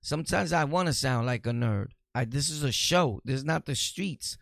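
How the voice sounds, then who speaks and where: A gravelly-voiced man talks straight to his listeners in a loose, rambling monologue, blunt and streetwise. His voice sits at an ordinary middle pitch. The sound is close and dry, with no room around it. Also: lively intonation, normal speed, fairly bright tone, dry recording. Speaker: podcast host. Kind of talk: casual monologue answering comments.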